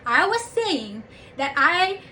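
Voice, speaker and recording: High-voiced woman ranting, swearing freely. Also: expressive, normal speed, a bit bright, slight background noise. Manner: frustrated, heavy swearing. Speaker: vlogger. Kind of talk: casual vlog rant.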